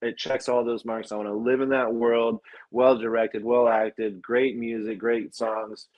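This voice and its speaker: Excitable man rambling about films. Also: medium pitch, a little slow. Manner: enthusiastic, rambling, restarts sentences. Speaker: podcast host. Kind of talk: casual film discussion.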